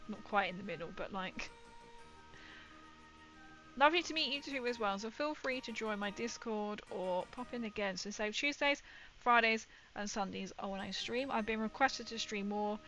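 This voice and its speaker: A woman's voice: mid-range voice, normal speed, sharp tone, soft background music. A woman, chatting casually with viewers on her livestream, rambling and laughing often. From England. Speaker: livestream host.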